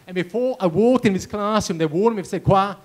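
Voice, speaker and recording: A man's voice: sits high, brisk, darkish tone. A man giving a storytelling keynote speech, acting out dialogue and sound effects as he goes. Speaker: keynote speaker. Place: conference hall with audience.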